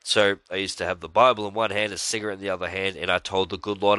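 A man's voice: low voice, fairly even intonation, quick pace, hardly any pauses, bright, forceful tone, no echo. A man hosting a podcast, talking earnestly and rambling about his faith, with frequent fillers and sighs. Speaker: podcast host. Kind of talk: casual religious monologue.

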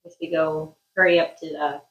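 A woman's voice: low-pitched, level tone, normal speed, highs cut off. Woman player at a tabletop game, cheerful, echoey room. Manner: upbeat, asks questions. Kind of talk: casual tabletop game chat.

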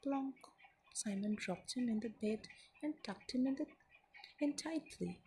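Whispered ASMR storyteller, woman, gentle with a gravelly fry. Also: fairly high pitch, lively intonation, a little slow, long pauses, slight background noise, rough recording. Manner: gentle, soft-spoken, often whispering.

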